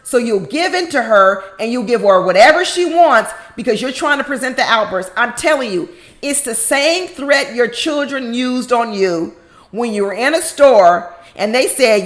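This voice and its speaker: A woman's voice: high-pitched, animated, moderate pace, a bit bright. A woman hosting a reality TV recap, giving emphatic, preachy commentary and acting out other people's lines. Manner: emphatic, preachy, acts out quotes in other voices.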